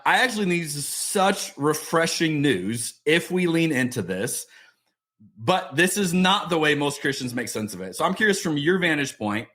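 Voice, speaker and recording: With a voice on the high side and a fairly bright tone, this middle-aged podcast host chats informally in an interview, his speech full of fillers and restarts.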